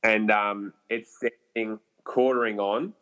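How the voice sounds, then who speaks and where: A man with an Australian accent, a podcast guest telling a bowhunting story in a lively, casual way, swearing freely and using lots of fillers. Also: on the low side, slow pace, smooth.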